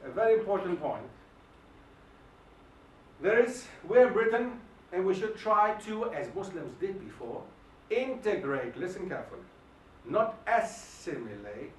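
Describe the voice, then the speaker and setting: A man giving an emphatic, animated lecture and firing questions at the audience, recorded in a hall. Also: high-pitched, unhurried, slight background noise. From Germany. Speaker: guest lecturer. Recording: echoey hall, mic at a distance.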